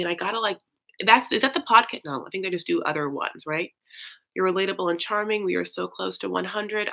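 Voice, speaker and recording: A woman's voice: lowish voice, creaky, sharp tone. A young woman hosting a casual livestream, rambling with lots of fillers and gushing thanks to her viewers. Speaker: host of a live recap stream.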